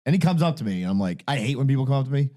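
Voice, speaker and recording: A man's voice: mid-range voice, very animated, very fast, dark tone. A man hosting a casual podcast, ribbing his co-host in a blunt, sarcastic way. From Irish-American. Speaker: podcast host and singer-songwriter. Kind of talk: casual chat.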